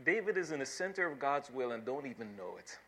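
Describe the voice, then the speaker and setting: Bright-voiced man preaching a sermon. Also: medium pitch, very animated, brisk, breathy edge. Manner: preaching with rising emphasis, repeats words. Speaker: pastor.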